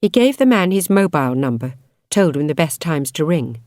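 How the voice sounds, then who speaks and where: A woman reading a novel aloud as an audiobook narrator, in expressive, measured storytelling. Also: low voice, dry recording, studio quality. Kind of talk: scripted narration.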